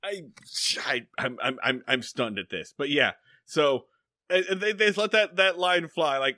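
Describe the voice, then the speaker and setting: A man co-hosting a podcast, chatting casually and profanely, retelling scenes with quick mock voices. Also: on the high side, lively intonation, bright, forceful tone, no room sound, clean studio sound. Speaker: podcast co-host. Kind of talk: casual comedic chat.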